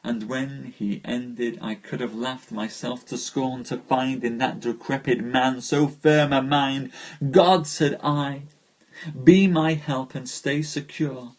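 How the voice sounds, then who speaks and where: Slow, soft-spoken man reading poetry. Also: medium pitch, fairly even intonation. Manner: slow, dreamy recitation with chatty asides to viewers. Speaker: host reading poetry aloud. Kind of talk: live-streamed poetry reading.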